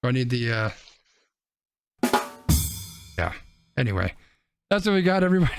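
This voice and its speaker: A man's voice: mid-range voice, very animated, moderate pace, vocal fry, long pauses, soft background music. A man co-hosting a podcast, casually telling a long joke with plenty of restarts. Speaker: podcast co-host.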